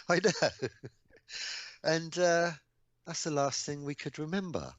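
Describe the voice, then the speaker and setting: A man in his sixties from England, a radio guest recounting old memories casually, with lots of ums and mounting excitement. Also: on the high side, slow pace, no room sound. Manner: animated anecdotes, rising excitement, frequent ums. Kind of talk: casual storytelling interview.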